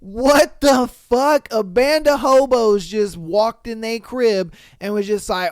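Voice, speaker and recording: A podcast host with an extremely high-pitched voice reads listener stories unhurriedly, his tone smooth and clean. Between readings he erupts in loud, profane outbursts, and the sound is dry and close with no room echo.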